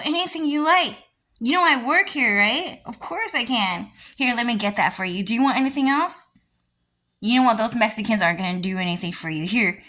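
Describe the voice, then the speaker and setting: A woman's voice: fairly high pitch, bright, forceful tone, pitched above the performer's own voice. A woman voicing a cheerful, obliging male hospital worker who is eager to please.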